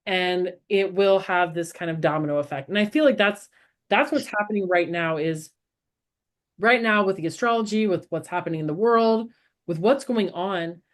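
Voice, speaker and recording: A woman's voice: on the low side, normal speed. A woman co-hosting a podcast, talking in a casual, earnest and reflective way, often laughing at herself. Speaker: podcast co-host. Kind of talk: casual spiritual conversation.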